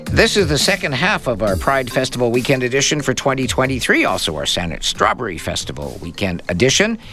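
A man's voice: medium pitch, very animated, brisk, pushed and bright, soft background music. A man hosting a live radio tech show, chatty and plainly explaining tips from a studio microphone. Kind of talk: live call-in radio chat.

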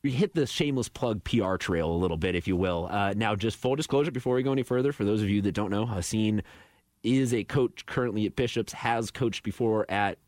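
A man's voice: lowish voice, a little fast, a little mellow, dry recording. A man in his twenties hosting a sports radio show in a studio, chatty and self-deprecating. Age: 20s.

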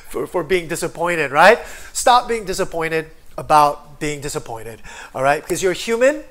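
A man's voice: a little high, a little slow. A man preaching an online sermon with lots of energy, often calling out for an amen and acting out people's inner voices. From foreigner living in Korea. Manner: energetic, calls for amens, acts out inner voices. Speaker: pastor.

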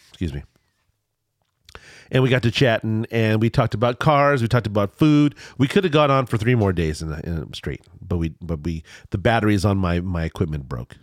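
A man's voice: on the low side, lively intonation, moderate pace, dry recording, clean studio sound. A man hosting a podcast in casual chat, sounding congested and nasal, rambling and restarting his sentences. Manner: rambling, repeats words, restarts often. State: congested, stuffy nose. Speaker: podcast host.

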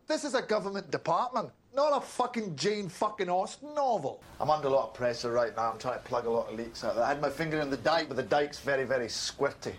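A man's voice: medium pitch, husky. An actor playing a foul-mouthed, furious male government spin doctor with a Scottish accent, delivering savage, inventive profane rants in a TV comedy. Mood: shouting. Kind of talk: TV comedy acting.

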